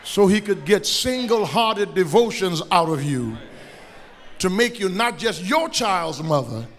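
A middle-aged man, preaching a sermon as pastor, with shouted, sing-song rises. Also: high voice, lively intonation, measured pace, slight background noise. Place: church sanctuary. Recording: echoey church with long reverb.

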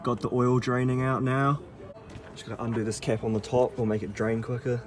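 A man's voice: mid-range voice, flat delivery, a little fast, music in the background. A young man vlogging in a casual way, ranting and swearing nonstop about a botched job on his car. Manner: swears constantly, exasperated ranting. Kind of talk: casual vlog talk.

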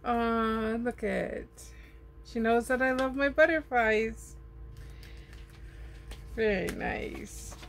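A woman's voice: a little high, vocal fry, slight background noise. A woman chatting casually as she unboxes gifts in her RV, gushing over each item. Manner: gushing, slow, lingering on her words. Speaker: vlogger. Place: home in an RV.

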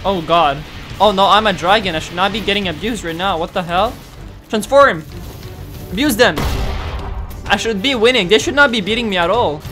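A young man hosting a gaming channel, giving excitable gameplay commentary, exclaiming and taunting his opponents. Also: high voice, moderate pace, long pauses, faint music behind.

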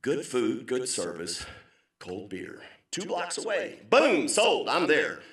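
A middle-aged man tells funny stories as a keynote speaker, his pitch swinging widely and his tone bright and forceful. He talks in a punchy, joking way. He sounds distant from the mic, and his voice rings around a large, very reverberant hall. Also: takes it slowly. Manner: punchy, joking, animated delivery with sudden loud outbursts. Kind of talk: comedic storytelling speech.

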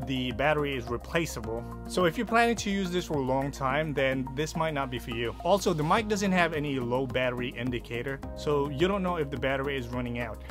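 A man casually testing and reviewing a microphone, talking in a plain, matter-of-fact way with small fillers. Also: mid-range voice. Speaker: gear reviewer. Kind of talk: casual mic test and review. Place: outdoors, then indoors at a computer. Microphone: shifting between phone and shotgun mic at varying distances.

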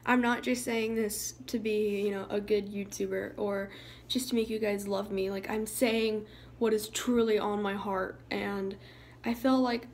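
A young woman talking to her viewers in a soft, halting way, sometimes dropping into a hushed, whispery voice. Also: mid-range voice, level tone, slight background noise, rough recording. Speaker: YouTuber. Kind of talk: emotional vlog talk to viewers.

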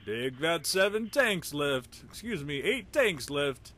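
An excitable man calls a friend's tank battle live, cheering hits and groaning at misses. His pitch leaps all over the place, and his tone is bright and forceful. He keeps teasing the player with playful asides. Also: slow pace, few pauses. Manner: excitable, joking, reacting loudly to hits and misses. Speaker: gameplay commentator.

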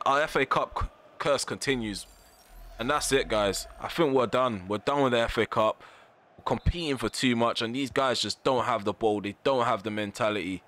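A gaming YouTuber commentates live over his football video game, ranting in frustration and repeating slangy phrases. His mid-range voice has a fairly bright tone, with slight background noise in the clip.

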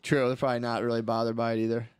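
A man's voice: mid-range voice, completely flat delivery, racing, smooth, dry recording. A man with a mid-range voice co-hosts a casual podcast, rambling and swearing freely. He keeps calling his co-host "dude." The recording is dry and close. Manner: rambling, profane, says "dude" a lot.

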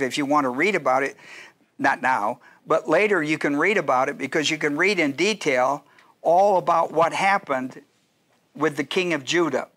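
A man's voice: on the high side, sharp tone. A male pastor teaching a Bible study class in a conversational, digressive way, often restarting sentences and asking the audience questions.

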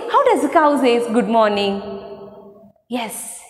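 A woman's voice: fairly high pitch, big pitch swings, slow pace. A woman teacher, taking young children through a lesson, spelling words out letter by letter and asking and answering her own questions. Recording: echoey room with long reverb.

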